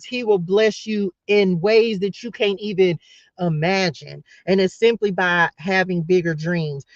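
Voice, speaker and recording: A man with a high voice hosts a casual live spiritual talk, delivering his message passionately and emotionally, nearly in tears. He keeps restarting and repeating phrases, and the sound is dull, lo-fi, and dry.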